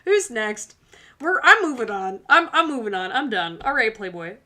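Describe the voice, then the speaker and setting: Woman, tarot streamer, sassy casual chat, laughs a lot, bright edgy voice. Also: fairly high pitch, sing-song, moderate pace. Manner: sassy, laughs often, talks straight to viewers. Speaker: tarot reader and livestream host.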